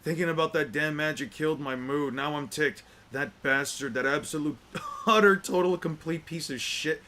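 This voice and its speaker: A man's voice: on the high side, normal speed, sharp tone. A man reading aloud as a vicious villain who rants spitefully about revenge. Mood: furious. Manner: ranting, spiteful. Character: furious, vicious, vengeful villain.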